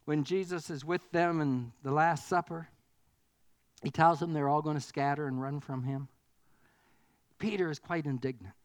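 An earnest preacher with a mid-pitched voice delivers a sermon. The delivery builds to emphatic, repeated declarations. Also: steady tone, normal speed, pauses often.

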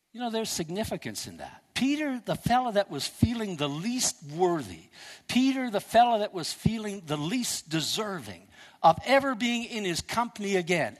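Older preacher with a lively, swinging voice. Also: male voice, a little high, long reverb tail. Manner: storytelling with wide swings between loud and hushed. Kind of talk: sermon.

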